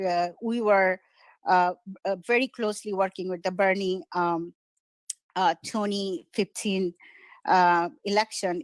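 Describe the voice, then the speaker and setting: A middle-aged woman from Bangladesh with a Bengali accent, giving an informal video-call speech as a community organizer, halting, full of fillers and restarts, enthusiastic. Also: mid-range voice, no echo. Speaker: community organizer and guest speaker.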